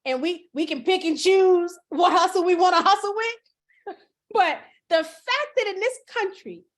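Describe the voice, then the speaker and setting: High-voiced chatty woman host. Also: measured pace. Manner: laughing, chatty, addresses viewers as y'all. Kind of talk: casual livestream chat.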